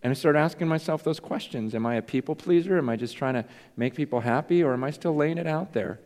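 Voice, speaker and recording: A man's voice: fairly high pitch, quick pace, darkish tone. A man preaching a sermon as pastor, earnest and confessional, questioning himself aloud. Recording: long reverb in a large hall.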